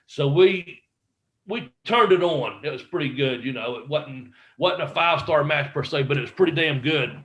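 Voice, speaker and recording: A man's voice: medium pitch, fairly bright tone, low-quality recording. A middle-aged man, a former pro wrestler, telling backstage stories in a casual interview, acting out quotes, swearing freely and laughing often.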